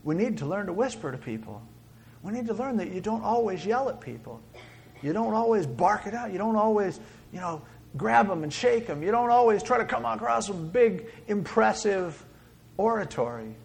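Male preacher, high voice, dramatic sermon delivery that swings from booming to whispered. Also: very animated, moderate pace, creaky. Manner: dramatic, swings between loud exclaiming and hushed whispering.

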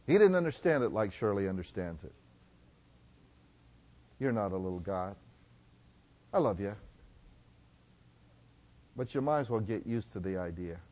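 Preacher guy, kinda high voice, goes loud then real soft, slows way down on verses. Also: lively intonation. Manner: swings between loud and hushed, slows for scripture. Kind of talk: sermon.

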